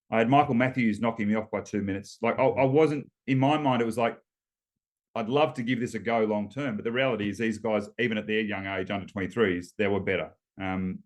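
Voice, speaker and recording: An Australian man in his fifties, a former rower, telling stories as a guest in a relaxed interview, laughing between points and restarting often. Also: fairly low pitch. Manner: chatty storyteller, laughs between points, many ums and restarts. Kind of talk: casual storytelling interview.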